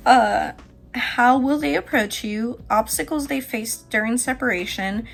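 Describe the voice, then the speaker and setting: Chatty animated woman tarot reader. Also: on the high side, measured pace, gravelly. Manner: chatty, animated, swearing, laughing often. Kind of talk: casual tarot reading.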